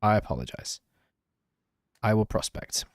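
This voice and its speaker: Playing a game on stream, a young man chats in a self-mocking way and responds to chat messages. His voice is on the low side with lively intonation, and he doesn't hurry; the sound is dry, booth-like, and echo-free.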